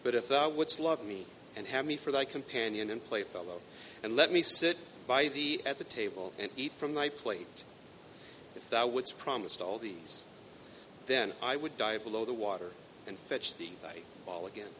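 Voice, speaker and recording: A man's voice: expressive, moderate pace, fairly bright tone, close to an everyday voice. A man reading a fairy tale aloud and voicing a talking male frog who bargains in old-fashioned, coaxing speech. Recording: echoey hall, faint rumble.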